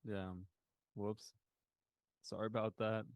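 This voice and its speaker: A man's voice: on the low side, level tone, takes it slowly, clear, resonant tone, dry recording. A young man co-hosting a live trading stream, chatting laid-back and giving market commentary, often trailing off. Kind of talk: casual chat and market commentary.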